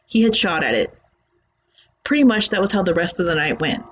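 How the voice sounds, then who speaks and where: A storyteller reads a creepy first-person tale aloud, keeping a plain, conversational tone. The voice sits at a middle pitch. The home recording sounds slightly muffled, with a faint hiss underneath. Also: very animated, a little fast, fairly bright tone. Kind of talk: reading a horror story aloud.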